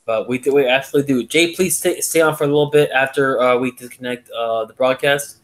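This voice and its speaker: A man's voice: medium pitch, fast. A man co-hosting a podcast in casual chat, rambling with many fillers and repeated words. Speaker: podcast co-host.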